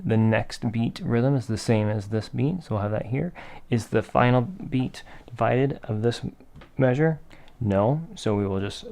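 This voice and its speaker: A man's voice: on the low side, creaky, a little mellow. A man teaching a rhythm lesson in a patient, methodical way, asking questions and then answering them himself. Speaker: music teacher.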